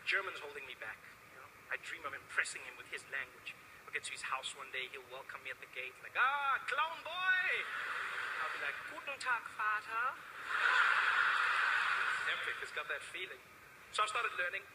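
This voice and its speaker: A man's voice: medium pitch, fast talker, heavy background noise. A young South African man performing a stand-up comedy routine, telling a story and acting out the voices of the people in it.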